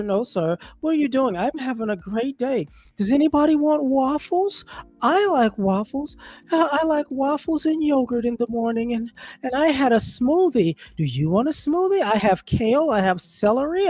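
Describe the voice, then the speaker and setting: A man's voice: extremely high pitch, sing-song, normal speed, a little mellow, pitched above the performer's own voice, full character voice. A man putting on a sugary, overpolite eager-to-please guy. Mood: sugary polite. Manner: sugary, overly chipper and meek. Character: exaggeratedly polite, cheerful grown man, eager to please.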